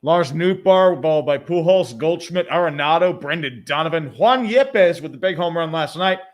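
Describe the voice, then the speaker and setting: A man's voice: fairly high pitch, lively intonation, moderate pace. A man co-hosting a baseball watch-along, calling plays with dry wisecracks. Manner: dry, wisecracking play calls. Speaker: co-host. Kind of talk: casual play-by-play chat.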